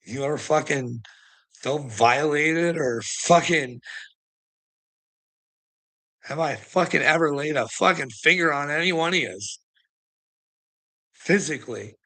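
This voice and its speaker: A man's voice: fairly high pitch, takes it slowly, pauses often, sharp tone. A man on an angry livestream rant, swearing heavily and sounding bitter and indignant. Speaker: streamer.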